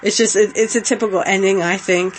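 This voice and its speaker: A woman's voice: medium pitch, steady tone, fairly quick, a little hiss or hum, low-quality recording. Giggly young woman chatting casually. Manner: chatty, giggly, full of fillers. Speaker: podcast host. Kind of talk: casual watch-along commentary.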